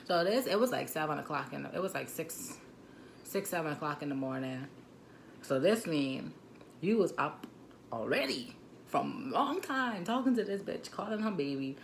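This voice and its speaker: A young woman with a Turks and Caicos Islands accent tells a story on a phone mic, animated and indignant, with many asides. Her voice is low and gravelly, with fry. A faint hiss sits behind her. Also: normal speed. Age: 20s. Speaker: vlogger. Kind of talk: storytime vlog. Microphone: phone camera mic.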